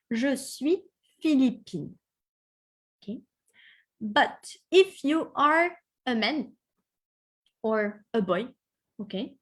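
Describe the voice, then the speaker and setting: A woman teaching an online class, encouraging students and modelling pronunciation slowly. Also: high-pitched. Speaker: French teacher.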